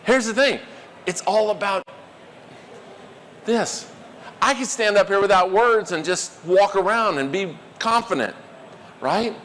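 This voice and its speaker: A man giving a live workshop talk, animated and quizzing the audience. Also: high voice, measured pace, long pauses, in a large hall, slight background noise. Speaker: workshop presenter.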